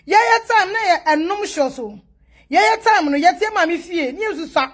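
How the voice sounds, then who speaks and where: A woman with a Ghanaian accent speaks in a high voice, blunt and preachy. She drifts between pidgin and Twi in a loose, casual monologue. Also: expressive, fairly quick.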